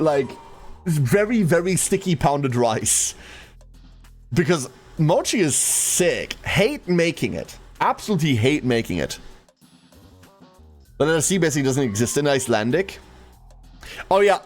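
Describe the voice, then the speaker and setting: Male game streamer, fairly high, very animated delivery, chatty with his viewers, faint music behind. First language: German. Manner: chatty, talks to chat. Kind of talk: casual livestream chat.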